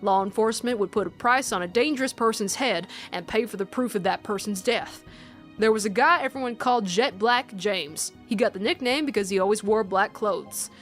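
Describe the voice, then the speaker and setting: A woman voicing a calm young woman who tells a grim tale in a slow, measured way. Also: medium pitch, soft background music, lightly acted. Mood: storytelling. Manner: measured, slow storytelling read. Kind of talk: reading a visual novel aloud.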